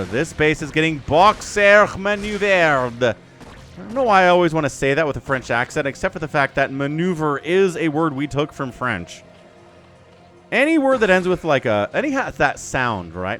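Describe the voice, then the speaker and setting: A man shoutcasts a strategy video game solo, giving esports play-by-play peppered with joking asides. His voice is a little high and a bit bright, with faint music in the background.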